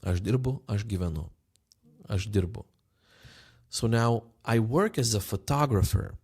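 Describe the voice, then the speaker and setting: Gravelly, low-voiced man teaching phrases. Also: expressive, darkish tone. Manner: patient, repeats phrases slowly for learners. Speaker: language teacher. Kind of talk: language lesson.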